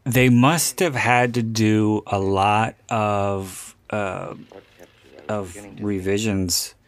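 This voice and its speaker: A man co-hosting a casual movie podcast, blunt and swearing freely, with halting fillers. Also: fairly low pitch, fairly even intonation, dry recording. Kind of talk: casual movie commentary chat.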